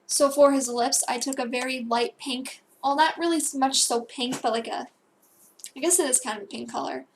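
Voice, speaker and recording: Young woman, casual tutorial voice-over, high and monotone, light background noise. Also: normal speed. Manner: rambling, self-correcting, with fillers and asides. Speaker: digital painting tutor.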